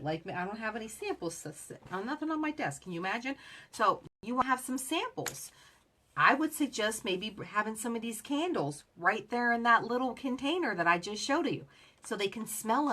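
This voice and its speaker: A direct sales coach gives chatty sales advice in a casual motivational talk, acting out both sides of the conversations she describes. Her voice is medium-pitched, pushed and bright.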